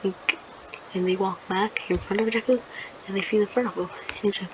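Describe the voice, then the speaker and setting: A woman with a medium-pitched voice, speaking at normal speed, hosts her channel and improvises a fan-fiction story. She rambles and hesitates while searching for words, and the dull lo-fi recording carries steady noise.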